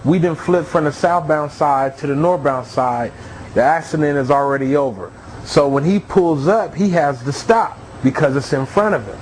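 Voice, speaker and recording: A man's voice: a little high, normal speed, a little hiss or hum, low-quality recording. A man telling his own near-death story as a testimony, with emotional storytelling.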